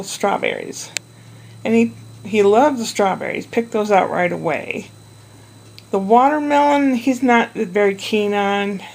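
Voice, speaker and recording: Rambly woman vlogging, bit of fry in her voice, just chatting along. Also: medium pitch, a little mellow, poor audio. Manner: meandering, chatty storytelling. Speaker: vlogger caring for a toddler. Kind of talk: rambling casual chat.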